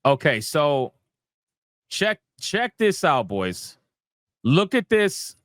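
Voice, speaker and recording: A man's voice: fairly high pitch, sing-song, drawn-out words, fairly bright tone, no echo. A man giving casual, profane gaming commentary, ranting in exasperation and repeating himself.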